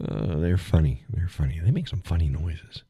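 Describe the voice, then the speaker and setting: A man's voice: deep voice, lively intonation, normal speed, slightly rough, dry recording, lo-fi sound. A man hosting a live stream, chatting casually with viewers in a rambling, folksy way and chuckling often.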